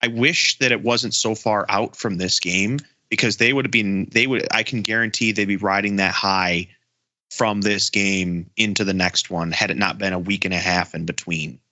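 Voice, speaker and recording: A man with a lowish voice and a strikingly bright, forceful edge co-hosts a sports podcast. He talks in loose casual chat, getting excited and stammering through restarts. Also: normal speed, lo-fi sound. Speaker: podcast co-host.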